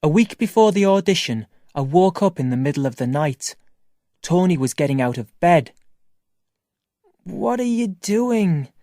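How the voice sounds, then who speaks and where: A reader narrating a first-person graded-reader story for language learners, reading slowly and clearly. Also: mid-range voice, warm tone, no echo, studio quality. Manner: slow, clear, carefully paced reading. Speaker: audiobook reader.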